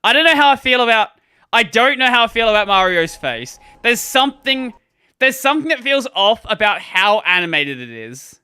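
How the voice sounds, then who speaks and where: A man's voice: high-pitched, sing-song, normal speed, bright, forceful tone, clean tone. A man streaming games who rambles casually, laughs often and keeps restarting his sentences as he reacts. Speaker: gaming streamer. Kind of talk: casual live-stream commentary.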